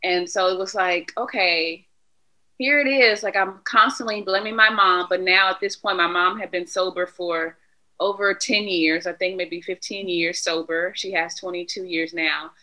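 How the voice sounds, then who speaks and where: Bright-voiced woman telling her story. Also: lowish voice, normal speed, low-quality recording. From Philadelphia area. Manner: candid, animated retelling with quoted dialogue. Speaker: podcast guest. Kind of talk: casual conversational storytelling.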